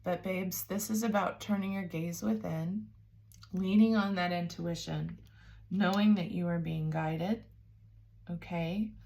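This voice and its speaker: A woman giving a spiritual tarot reading, talking softly and warmly to the listener, calling them babes and sounding emotional and teary. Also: lowish voice, fairly even intonation, a little slow, vocal fry. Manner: soft, nurturing, calls listener babes. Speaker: tarot reader.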